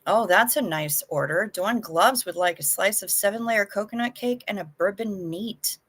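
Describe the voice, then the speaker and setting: A woman's voice: medium pitch, moderate pace, fairly bright tone, breathy edge. A woman hosting a casual live stream, chatting frankly with viewers and swearing now and then, sounding anxious.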